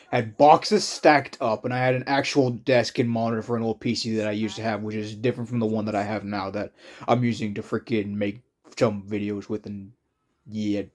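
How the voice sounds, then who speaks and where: A young man giving casual commentary on his own old videos, rambling and self-mocking, with quick bursts and trailing asides. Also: fairly low pitch, darkish tone.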